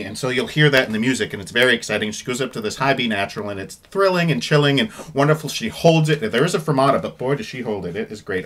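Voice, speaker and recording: Middle-aged male baritone, casual commentary, chatty and rambling, offhand swearing, average pitch. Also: expressive, fast, hardly any pauses, a bit bright, a little hiss or hum. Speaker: baritone singer discussing an opera recording.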